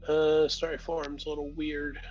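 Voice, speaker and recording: A man's voice: fairly high pitch, monotone, moderate pace, a little mellow. Male player, casual and hesitant, muffled lo-fi sound, faint music behind. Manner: hesitant, restarts sentences. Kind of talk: casual game chat.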